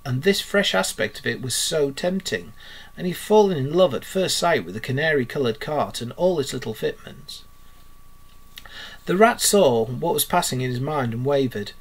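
Man, slightly high voice, reading a storybook aloud, steady and expressive. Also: slightly rough. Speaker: reader. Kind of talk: reading a children's book aloud.

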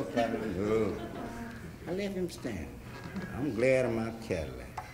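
A man's voice: lowish voice, wildly swooping pitch, measured pace, pauses often, echoey room, background noise. A man telling a rambling story in a loose drawl, talking blues over guitar. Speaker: blues singer. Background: electric guitar playing.

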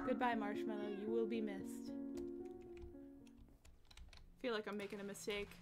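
A woman hosting a let's play, chatting to game creatures and breaking into excited shrieks. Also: medium pitch, measured pace, over loud music. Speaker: gaming channel host. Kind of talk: let's play gaming commentary.

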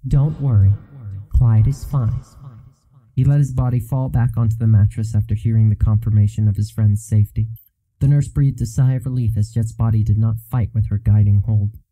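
A man narrating a fantasy novel as an audiobook in a steady, even storytelling manner. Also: lowish voice, a little fast, no echo, low-quality recording.

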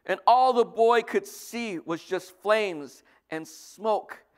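A male pastor preaching a sermon, lively, swinging from loud bursts to soft asides. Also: sits high, slow pace, smooth.

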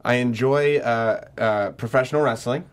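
A man's voice: mid-range voice, moderate pace, clear, resonant tone. A man co-hosting a comedy podcast, running a party game with a dry, wry manner. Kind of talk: casual chat.

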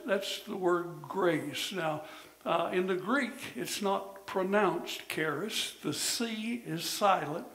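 Older male preacher, gravelly and high-pitched. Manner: emphatic preaching, rising to shouts then dropping low. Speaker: pastor. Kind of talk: sermon. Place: church. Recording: echoey church sanctuary.

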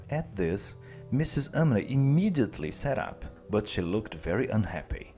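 A man teacher narrating a classic story slowly and clearly for language learners. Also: on the low side, soft background music. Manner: slow, clear, expressive.

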